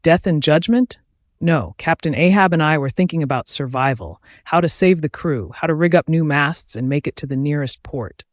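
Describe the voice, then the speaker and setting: A man's voice: a little high, animated, normal speed, no room sound, studio quality, lightly acted. A man as a blunt, scoffing old sea captain. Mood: impatient.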